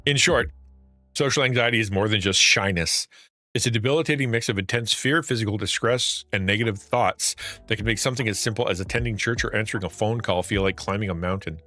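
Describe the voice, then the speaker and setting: A man's voice: on the low side, fast talker, no echo, faint music behind. A middle-aged man streaming, talking casually and acting out anxious thoughts with frequent laughs. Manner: animated, acts out anxious inner thoughts, laughs often. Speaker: streamer and Christian content creator. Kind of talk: casual livestream talk.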